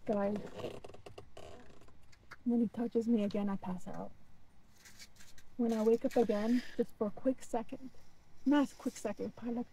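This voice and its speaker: A woman's voice: a little high, fairly even intonation, moderate pace, pauses often, warm tone, a little hiss or hum, rough recording. A woman telling a story to camera in a casual, dramatic way, often repeating herself.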